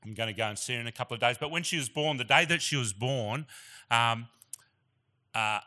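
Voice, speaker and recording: Aussie guy preaching at church, middle-aged, chatty and earnest, gets emotional, bright forceful voice. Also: mid-range voice, fairly quick. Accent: Australian. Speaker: guest preacher. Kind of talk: sermon with personal storytelling.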